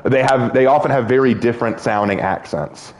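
A man's voice: medium pitch, a little fast, noisy background. A young man streaming a game, chatting casually and joking with friends. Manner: laughing, joking, animated. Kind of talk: casual gaming chat.

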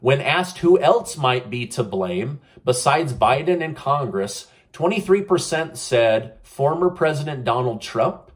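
A man runs through the day's headlines in a casual news-commentary style, stopping to give his own opinion. He fills his pauses with "uh" and often turns to his viewers to ask what they think. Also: medium pitch. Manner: opinionated, frequent "uh" fillers, asks viewers for comments.

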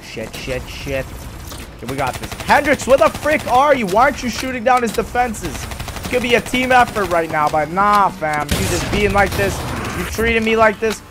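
A young man giving excitable live commentary over a video game, swearing and talking to the characters on screen. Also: high voice, moderate pace, noisy background. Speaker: gaming YouTuber. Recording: voice over loud game audio.

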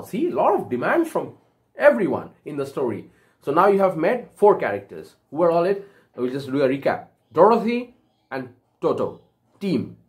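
Woman teacher retelling a story for kids, animated pitch, asks questions and recaps. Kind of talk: recorded online literature lesson for children.

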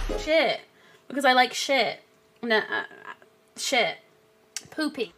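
A woman's voice: medium pitch, brisk, fairly bright tone, slightly rough, soft background music. A young woman game streamer chatting casually to her viewers, giggly, swearing a lot and repeating herself.

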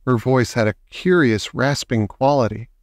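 A man narrates a children's novel in a measured, dramatic storytelling manner. His voice is smooth and resonant at a middle pitch. The recording is close and dry, with no room sound. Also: dry recording. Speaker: audiobook reader. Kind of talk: scripted narration.

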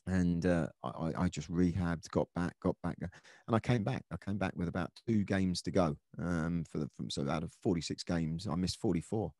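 Middle-aged guy, ex-footballer, low mellow voice, earnest storytelling, dry close sound. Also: moderate pace, no echo. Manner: earnest, reflective, many restarts and fillers. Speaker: former footballer, podcast guest. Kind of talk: conversational storytelling interview.

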